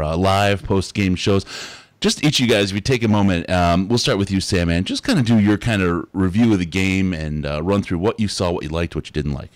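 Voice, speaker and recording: A man hosting a live sports podcast, running through announcements in an upbeat, animated way. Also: deep voice, dry recording. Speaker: podcast host.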